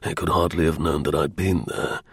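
A man doing a grim, low-voiced secret agent. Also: moderate pace, vocal fry, slightly rough, no echo, exaggerated voice. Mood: thoughtful. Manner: low, curt and steady.

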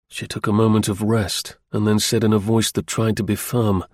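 A man narrating an audiobook in a measured, unhurried reading. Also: lowish voice, little pitch movement, a little mellow, dry recording, studio quality.

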